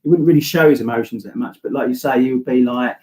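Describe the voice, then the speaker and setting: A man talks quickly through psychic readings, in a casual and rambling way with plenty of fillers. His voice sits at an ordinary middle pitch. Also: darkish tone. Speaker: psychic medium co-host. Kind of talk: live psychic reading chat.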